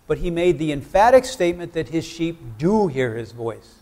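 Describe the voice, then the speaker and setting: A man's voice: a little high, lively intonation, a little slow, pauses often. A man preaching a sermon in church, talking conversationally and asking the congregation questions.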